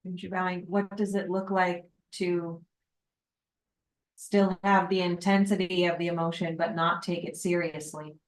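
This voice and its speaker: A woman's voice: fairly low pitch, level tone, measured pace. A woman asking a Zen teacher questions, polite and formal, choosing her words carefully. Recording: echoey room.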